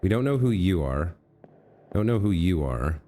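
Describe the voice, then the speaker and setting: A man's voice: deep voice, big pitch swings, normal speed, mellow, slight background noise. A man hosting a let's play, thinking aloud as he reasons through a puzzle, often correcting himself and talking to the figures on screen. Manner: musing, self-correcting, talks to on-screen figures. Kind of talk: thinking aloud while gaming.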